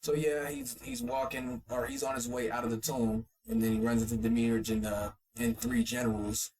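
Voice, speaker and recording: A man's voice: medium pitch, animated, normal speed, vocal fry, a little mellow, poor audio. A man co-hosting a casual chat, recapping an anime in a laid-back, rambling, profane way. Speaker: podcast co-host.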